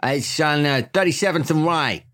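A man voicing a gruff middle-aged police chief who barks orders and blusters. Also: on the high side, moderate pace, fairly bright tone, voice pushed up, close to an everyday voice.

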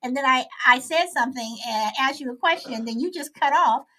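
A woman's voice: sits high, fairly quick, sharp tone. A middle-aged woman hosting a live online chat, talking casually with many restarts and frequent laughter. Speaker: host of a live online show.

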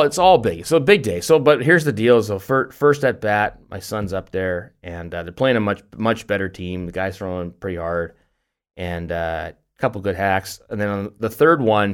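A middle-aged man co-hosting a podcast, telling stories in an animated way with lots of restarts and laughs. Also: on the low side, moderate pace, clean tone. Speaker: podcast co-host. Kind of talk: casual chat.

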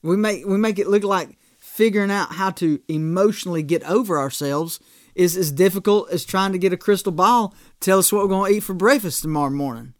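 A man's voice: high voice, fairly quick, no echo, clean studio sound. A man preaching a sermon as pastor, in a conversational way with frequent restarts and "right?" asides.

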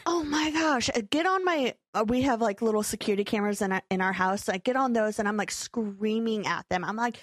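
A young adult woman hosting a podcast, telling a story in a casual chat, animated and acting out her own quotes with frequent laughter. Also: mid-range voice, fast talker, hardly any pauses, no echo. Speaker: podcast co-host.

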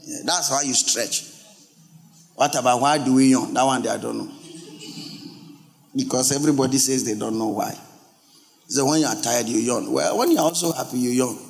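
A male pastor, preaching a lively sermon and asking his congregation questions. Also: mid-range voice, moderate pace, creaky, long pauses, faint music behind. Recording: long hall reverb.

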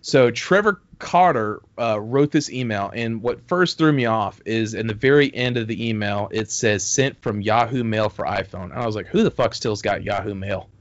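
A man's voice: on the low side, moderate pace, hardly any pauses. Profane storytelling man. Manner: rambling, heavy swearing, acts out quotes. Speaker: podcast host telling a story. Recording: dull dry close mic.

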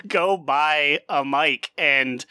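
A man on a podcast answers with teasing one-liners. His voice sits on the high side and sounds bright and sharp. The sound is dry, with no room echo. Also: clear, resonant tone. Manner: teasing, quick quips. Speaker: podcast co-host. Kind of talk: casual chat.

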